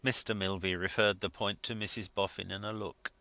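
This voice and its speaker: A man narrating a classic novel as an audiobook, in measured, expressive storytelling. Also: lowish voice, no room sound.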